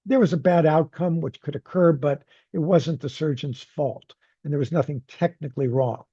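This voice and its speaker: Measured man giving a lecture, muffled audio. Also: on the high side, mellow, slightly rough, dry recording. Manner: measured, deliberate, with frequent fillers. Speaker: psychologist presenting research. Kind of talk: academic grand rounds lecture.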